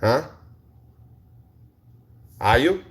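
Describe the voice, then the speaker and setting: Speaking very slowly in an expressive, mid-range voice, a man on a livestream goes on a heated rant against his chat viewers. He's confrontational, swears, and keeps repeating rhetorical questions.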